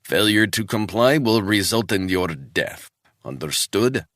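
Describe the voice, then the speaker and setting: A man voicing a gruff, menacing Russian military handler with a chain smoker's Russian accent, giving cold orders. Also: on the low side, lively intonation, a little slow, a bit bright, dry recording, clean studio sound, voice pushed up.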